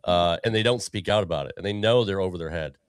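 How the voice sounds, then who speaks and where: A man with a very deep voice talks quickly and bluntly in a casual podcast conversation. He swears without hesitation. The recording is dry and close. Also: clean tone, dry recording. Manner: blunt and profane.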